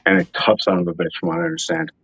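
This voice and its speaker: A man's voice: deep voice, sing-song, racing, fairly bright tone, husky, rough recording. A man chatting casually on a podcast, offhand and blunt, with a bit of swearing and hunting for words. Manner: offhand, swears, loses his train of thought. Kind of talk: casual chat.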